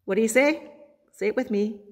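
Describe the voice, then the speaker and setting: A woman pastor delivers a sermon in a church sanctuary, slowing down and pausing to quote scripture. Her voice sits a little higher than most, and it rings out with a long reverb in the hall. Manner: preaching, quotes scripture with dramatic pauses.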